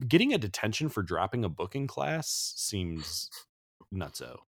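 A man's voice: on the low side, big pitch swings, unhurried, creaky, a bit bright, no echo, clean studio sound. A man co-hosting a podcast in casual chat, talking in a chatty way and laughing often. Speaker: podcast co-host.

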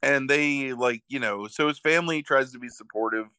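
A man of ordinary pitch with a bright, crisp edge to his voice, heard dry and close with no room around him. He retells a story in loose casual chat, stacking fillers and correcting himself mid-sentence. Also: moderate pace, no room sound. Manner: rambling, filler-heavy retelling with frequent self-corrections. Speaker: podcast co-host recapping a movie.

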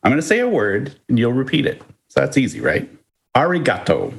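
Talking fast in a creaky, mid-range voice, this man co-hosts a podcast. His casual chat and storytelling come across as playful and lively, sprinkled with chuckles.

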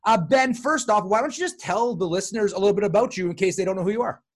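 A man's voice: sits high, quick pace. A man hosting a podcast, talking in a loose, upbeat, chatty way to his listeners. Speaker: podcast host. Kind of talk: casual podcast intro.

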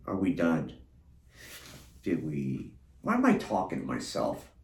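With a rumbling low, gravelly voice, huge pitch swings, and a slightly slow pace, a podcast host captures his own treatment session in an echoey room. The drug has left him disoriented, and he rambles profanely and disjointedly, alternating between mumbling and anguished cries.

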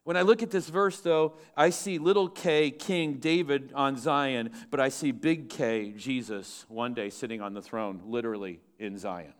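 A male pastor preaching a sermon with lively swings between loud, emphatic lines and hushed, low asides. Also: normal speed, hardly any pauses, smooth.

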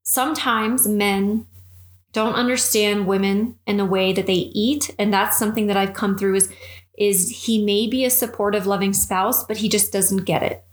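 A woman's voice: mid-range voice, fairly even intonation, moderate pace. A woman fitness and nutrition coach giving advice in an earnest, encouraging way and acting out little bits of dialogue. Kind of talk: advice monologue. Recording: echoey room.

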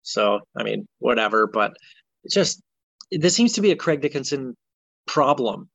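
A man's voice: medium pitch, sing-song, moderate pace, creaky, fairly bright tone, dry recording. A man co-hosting a podcast, ranting in exasperation about a football game in casual chat. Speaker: podcast co-host.

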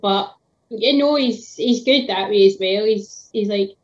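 A woman's voice: medium pitch, unhurried, lo-fi sound. A woman, a tradeswoman chatting casually on a video call, with lots of fillers and laughs. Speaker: tradeswoman guest.

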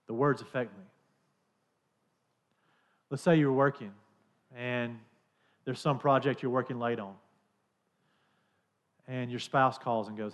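A man's voice: medium pitch, dull audio. A man in his thirties or forties preaching a sermon in a conversational, storytelling manner. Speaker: pastor.

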